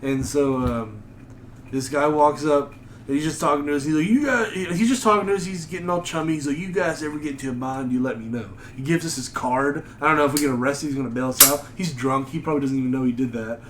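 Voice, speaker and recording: A man's voice: on the high side, fast talker, a bit bright, a little hiss or hum. A man, co-hosting a podcast, telling a rambling, profane story with lots of fillers. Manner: rambling, swearing, laughing. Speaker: podcast co-host. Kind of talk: casual storytelling banter.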